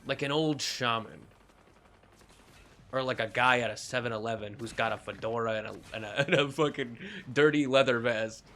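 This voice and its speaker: Playing a shooter on stream, this man keeps up a casual, jokey patter full of swearing and frequent laughs, letting out excited yelps at the game's turns. He speaks at a normal speed in a mid-range voice, and faint music plays underneath.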